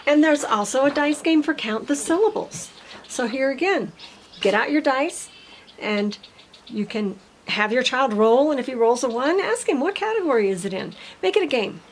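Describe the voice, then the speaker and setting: Woman, middle-aged, speech teacher, patient tutorial for parents, slightly high voice, faint hiss. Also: animated, normal speed, rough recording. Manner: patient, explains step by step and models simple sentences.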